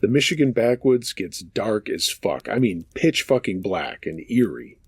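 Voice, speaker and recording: A man's voice: lowish voice, expressive, unhurried, breathy edge, dry recording. A man hosting a show of true scary stories, reading listener accounts aloud in a casual, profane storytelling manner.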